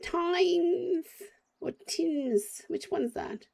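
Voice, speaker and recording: Very high-pitched and very slow, this Australian woman's voice is gravelly and a little mellow. She chats away to her chat while playing a game on a live stream, drifting between topics.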